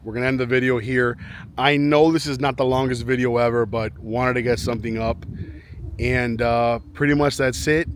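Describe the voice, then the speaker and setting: A man's voice: mid-range voice, fairly even intonation, moderate pace, a little hiss or hum. A man chatting to camera outdoors in a residential neighborhood, rambling and often repeating himself as he restarts sentences. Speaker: vlogger. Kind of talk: casual chat to camera.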